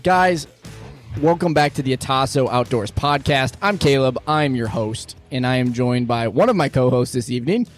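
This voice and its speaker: A man hosting a casual podcast in a small studio, upbeat and jokey, talking in quick bursts. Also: medium pitch, soft background music. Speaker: podcast host.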